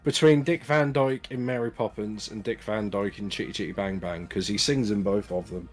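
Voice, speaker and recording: A man's voice: on the low side, fairly even intonation, moderate pace, soft background music. A man chatting casually with a friend during a game, rambling and a bit exasperated. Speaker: gaming friend. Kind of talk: casual gaming chat.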